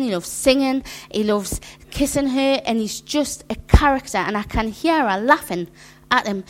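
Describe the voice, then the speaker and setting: A middle-aged woman preaching at church, sharing personal stories in a conversational, chuckling way. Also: fairly high pitch. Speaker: church speaker.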